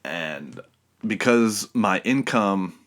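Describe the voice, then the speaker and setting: A man's voice: on the low side, expressive, extremely slow, fairly bright tone. A man hosting a podcast alone, telling rambling, profane stories in a casual way. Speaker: podcast host.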